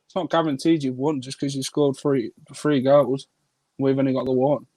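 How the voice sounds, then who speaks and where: A man's voice: mid-range voice, fairly even intonation, moderate pace, warm tone, no room sound, low-quality recording. A man co-hosting a live football watchalong who passionately urges the team on and tells match stories. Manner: passionate, urging, storytelling. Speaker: co-host football fan. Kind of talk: casual live watchalong chat.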